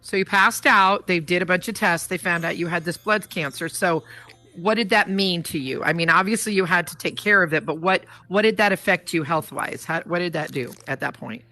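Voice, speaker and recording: A woman hosts a talk show in a virtual world, chatty and effusive as she greets her audience. Her voice is bright, and soft guitar music plays faintly behind her through the headset mic. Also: fairly low pitch, fairly quick.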